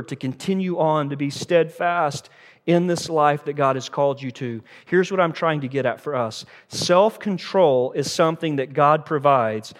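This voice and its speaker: A man preaches from the pulpit in a slightly higher register, talking through the sermon conversationally and tossing rhetorical questions to the congregation. The sound carries a long reverb tail from a large church sanctuary. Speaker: pastor.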